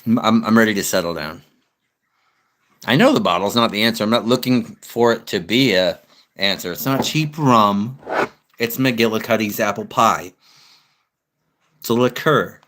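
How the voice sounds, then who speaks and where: A man's voice: lowish voice, moderate pace, long pauses, a bit bright. A young man, chatting bluntly and profanely as he answers his livestream comments. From United States. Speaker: live streamer. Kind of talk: casual livestream chat reading comments.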